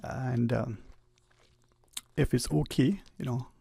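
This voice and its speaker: With a creaky, mellow, slightly rough voice at medium pitch and a steady tone, a Cayman Islands man hosts talk radio from a studio. His monologue is reflective and preachy but conversational, and he speeds up or slows down to emphasize things. The studio microphone gives clean studio sound with no room sound.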